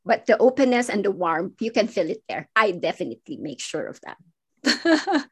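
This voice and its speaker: A woman, a restaurant owner speaking on an online panel. She talks haltingly, with many restarts, and gets emotional. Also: mid-range voice, sing-song, breathy edge.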